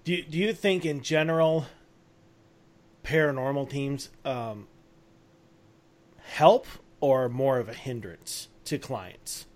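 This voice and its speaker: A man hosting a casual interview, hesitant, stammering and quick to laugh. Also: medium pitch. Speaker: podcast host.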